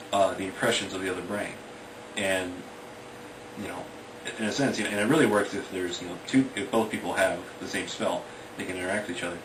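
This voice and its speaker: A man rambling through a story in a casual, filler-heavy way. His voice is low-pitched. It sounds distant and roomy, with clear background noise. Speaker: author retelling his book. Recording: distant, echoey and noisy.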